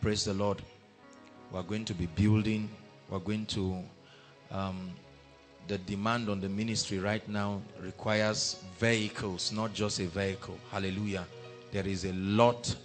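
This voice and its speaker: A man preaching a sermon, breaking in with hallelujah and rising to loud, emphatic scripture reading. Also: on the low side, little pitch movement, measured pace. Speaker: pastor. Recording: faint music behind.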